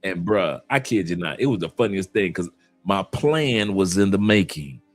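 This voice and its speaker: Husky, animated man telling stories. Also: sits low, moderate pace, soft background music. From Detroit, USA. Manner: animated storytelling, laughs often. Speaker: guest. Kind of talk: casual chat.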